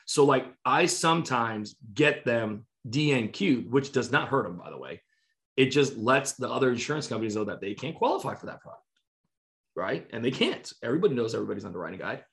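In a casual live online training, a man coaches insurance agents conversationally, role-playing client calls and peppering his talk with "right?" and "you know". His mid-range voice is sing-song, brisk, gravelly and a bit bright.

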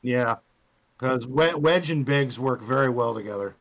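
A man's voice: medium pitch, a little slow, a bit bright, lo-fi sound. A man hosting a podcast, casually coaching a guest through his game with loose, profane instructions. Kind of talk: casual chat.

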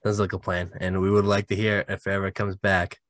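Low-voiced male podcast host. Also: flat delivery, quick pace, a bit bright, no echo, studio quality. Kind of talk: casual chat.

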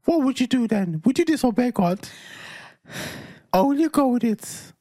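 A man's mock voice pitched way up into a squeaky falsetto. It's playful and teasing, with lively jumps in pitch. A man puts it on in a dry, close recording. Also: normal speed, no echo.

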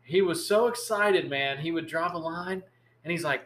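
A man hosting a podcast, telling a long fishing story in an animated, rambling way. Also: on the high side, moderate pace. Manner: animated, rambling storyteller who acts out quotes. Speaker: podcast host. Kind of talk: casual storytelling chat. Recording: echoey room.

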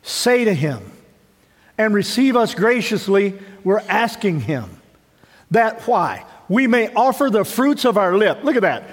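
A man's voice: high voice, sing-song, a little slow. A man preaching a sermon as pastor, talking in a casual, conversational way, asking the congregation many questions and often repeating words. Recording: long reverb of a church hall.

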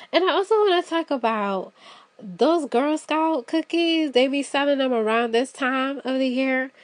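A woman's voice: sits high, no echo. A woman hosting a podcast solo, chatting playfully and telling stories straight to her listeners. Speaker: podcast host. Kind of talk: casual solo podcast chat.

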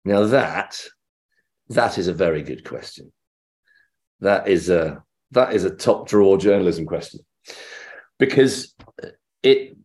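A middle-aged man from England, an actor being interviewed, telling an anecdote and acting out the voices in it. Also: low-pitched. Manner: animated storyteller acting out quoted voices.

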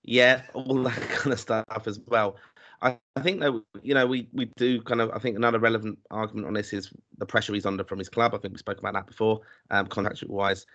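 An Irish man on a casual podcast, speaking reflectively and with care. His voice sits on the lower side, and he often restarts his sentences as he thinks aloud. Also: little pitch movement, a bit bright. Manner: reflective, measured, with many restarts. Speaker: podcast co-host.

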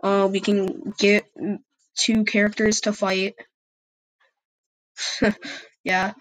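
A woman who hosts a channel narrates an amateur fan story and chats with listeners, sounding hesitant and full of fillers. Her medium-pitched voice is flat, with drawn-out words, on a low-quality recording.

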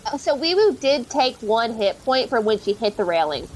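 A woman's voice: a little high, very animated, normal speed, a little mellow, slight background noise. A woman playing a tabletop role-playing game, speaking casually and jokingly about her character. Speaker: player.

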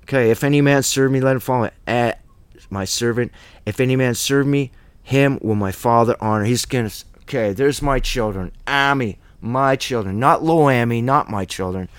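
Man, mid-pitch, blunt emphatic Bible teacher, dry close room; slangy, plainspoken. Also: moderate pace, smooth, no room sound. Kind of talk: casual Bible study teaching.

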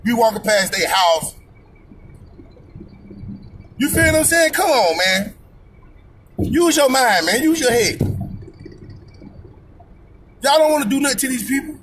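Heated profane man with high voice. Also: lively intonation, unhurried, long pauses, background noise. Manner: profane, heated, emphatic repetition; preachy, rhetorical questions. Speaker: podcast host. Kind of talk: personal opinion monologue.

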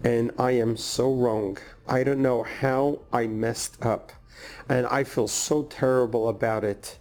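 A man voicing a humble restaurant manager who apologizes softly and speaks earnestly. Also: medium pitch, steady tone, slow pace, voice pushed down. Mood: apologetic. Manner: soft, contrite, earnest.

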